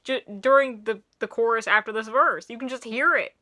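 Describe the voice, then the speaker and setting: A young woman with a Middle Tennessee accent, animatedly reviewing music in a casual video and laughing often. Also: fairly high pitch. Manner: animated, laughing, quick bursts of excitement.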